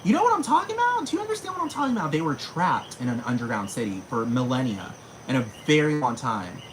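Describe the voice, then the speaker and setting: A man's voice: fairly high pitch, very animated, fast, slight background noise, rough recording. A man ranting casually to camera, slangy and profane, with sudden dramatic jumps in his voice. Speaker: vlogger.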